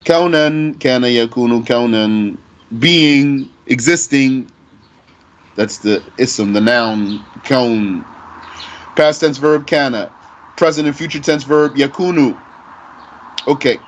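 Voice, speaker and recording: A man teaching Arabic grammar, explaining deliberately and asking himself rhetorical questions. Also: mid-range voice, a little hiss or hum. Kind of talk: recorded grammar lesson.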